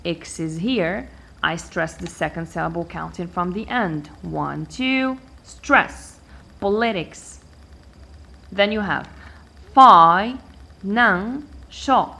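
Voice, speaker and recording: A woman teaching an English pronunciation lesson, counting syllables aloud slowly and deliberately. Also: on the low side, gravelly, pushed and bright. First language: Arabic.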